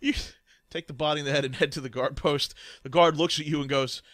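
A man narrating a tabletop game as game master, hesitant with many pauses and quick to laugh. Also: on the high side, fairly even intonation, a bit bright, no room sound.

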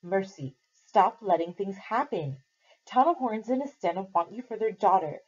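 A woman's voice: medium pitch, animated, normal speed, darkish tone, breathy edge, dull audio. A woman voicing a defiant Puritan captive girl who talks in an insistent, scolding way.

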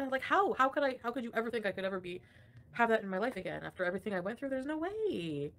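A young woman with a slightly high, somewhat bright voice hosts a casual livestream. She works through chat comments in a profane rant, laughing frequently.

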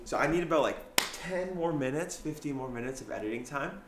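A young man bantering loudly with his roommate, joking and laughing often. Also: fairly high pitch, fairly quick. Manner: loud, jokey, laughs often. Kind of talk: casual banter. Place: shared house, indoors. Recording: echoey room with noise.

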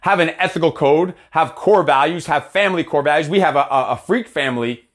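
A man's voice: fairly high pitch, brisk, fairly bright tone. A man giving a blunt, heavily cursing motivational talk as an accountability coach. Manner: blunt, heavy cursing, fired-up.

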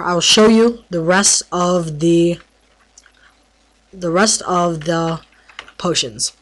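Game tutorial narrator, casual play-by-play, trips over words, teases mobs, mid-pitched voice. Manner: stumbles over words while explaining; playful trash talk at mobs. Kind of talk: casual gameplay commentary.

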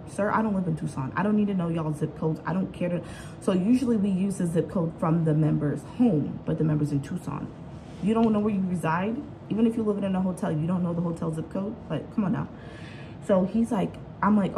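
A woman's voice: on the low side, brisk. A young woman, chatting casually in a home vlog and venting candidly about a rude caller. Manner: candid, slangy, venting with heated retelling. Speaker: vlogger working from home. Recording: home recording with clear background noise.

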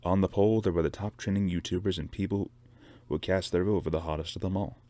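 A man narrates a novel aloud in a steady, measured reading. His voice sits very low. He reads as the host of his own book-reading series. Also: dry recording. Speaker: reader.

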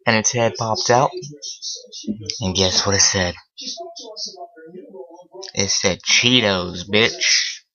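A man's voice: lowish voice, fairly even intonation, slow pace, long pauses, a crowd in the background. A man telling a story on his vlog, casual, rambling and full of swearing and filler words. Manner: heavily profane, rambling with many fillers. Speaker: vlogger. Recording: dull lo-fi recording.

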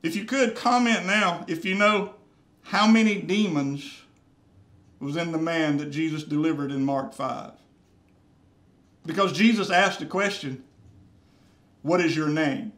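A man's voice: fairly high pitch, measured pace, long pauses, a bit bright. A man preaching a sermon as pastor, earnest and repeating phrases for emphasis. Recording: roomy church echo.

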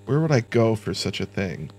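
A man's voice: lowish voice, sing-song, moderate pace, darkish tone, breathy edge. A young man giving casual, joking let's-play commentary, talking to himself with sudden startled outbursts. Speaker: gaming YouTuber.

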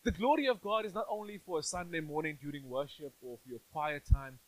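A man's voice: on the high side, brisk, rough recording. A male pastor giving a sermon in a church, conversational and playful, often asking the congregation questions.

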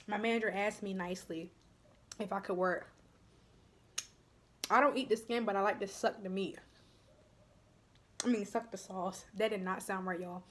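Chatty young woman vlogger, soft asides. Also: medium pitch, steady tone, normal speed, pauses often. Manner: chatty, addresses viewers as y'all, drops to soft near-whispers. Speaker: mukbang vlogger. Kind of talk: casual chat while eating.

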